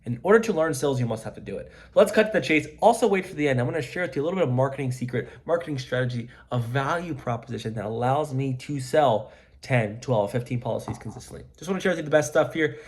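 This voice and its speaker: A man's voice: medium pitch, animated, fast talker, a little mellow. A man coaching life insurance sales in an emphatic, repetitive pep-talk to camera. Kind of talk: motivational coaching monologue to camera.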